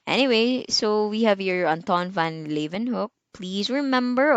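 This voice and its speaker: A woman's voice: mid-range voice, big pitch swings, slow pace, smooth, no echo. A young woman teacher with a Filipino accent, giving a recorded lecture in a chatty way, full of fillers and asides, and quizzing her students as she goes. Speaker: medical technology teacher.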